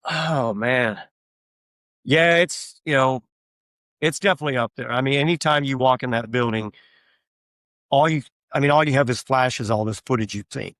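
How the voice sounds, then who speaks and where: A man's voice: mid-range voice, moderate pace, pauses often, a bit bright, no room sound. Man telling stories in a dry close voice. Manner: rambling anecdotal storytelling with frequent fillers. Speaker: guest, tribute artist for a famous singer. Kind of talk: casual interview chat.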